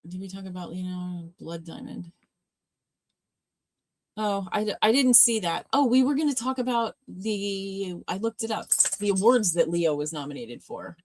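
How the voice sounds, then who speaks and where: A woman's voice: medium pitch, normal speed, darkish tone, no room sound. A woman co-hosting a livestreamed movie watch party, chatting casually, laughing often and trailing off mid-sentence. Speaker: livestream co-host.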